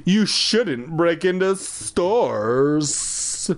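A man doing a slow, stern caped stranger. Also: on the high side, lively intonation, pitched above the performer's own voice, heavily acted. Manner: slow, deliberate, through gritted teeth. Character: stern caped man guarding special masks.

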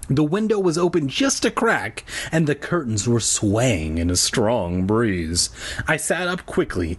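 A man reading a children's spooky book aloud, with deadpan comic asides in between. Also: medium pitch, slightly rough. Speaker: comedic reader.

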